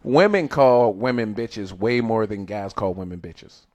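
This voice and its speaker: A man's voice: on the low side, expressive, measured pace, a little mellow. A man co-hosting a podcast in casual chat, talking loosely and profanely, with frequent restarts. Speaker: podcast co-host.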